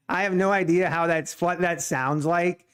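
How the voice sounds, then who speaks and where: Male trading streamer, native Pennsylvania Dutch speaker, slightly high and smooth voice, unhurried and chatty. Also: a bit bright. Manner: chatty, laughs easily, talks to viewers. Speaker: day trading livestreamer. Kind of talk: casual live-stream chat.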